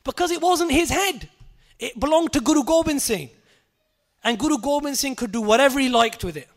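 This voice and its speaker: A man giving an animated storytelling sermon, repeating phrases and acting out voices. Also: very high-pitched, brisk. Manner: animated, repetitive, acts out voices. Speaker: Sikh preacher.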